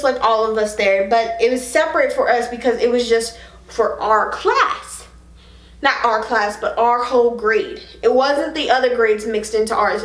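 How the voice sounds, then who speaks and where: A young adult woman telling a story to her viewers in a frank, animated way, full of fillers. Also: a little high. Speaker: vlogger. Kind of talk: casual storytime to camera. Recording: echoey room.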